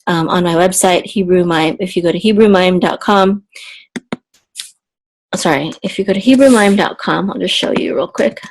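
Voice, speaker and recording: Female Hebrew tutor, slightly sore throat, patient explainer who breaks into sung chant phrases. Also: on the low side. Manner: explains slowly, then chants the trope melodies. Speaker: Hebrew teacher. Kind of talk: online Bible Hebrew lesson.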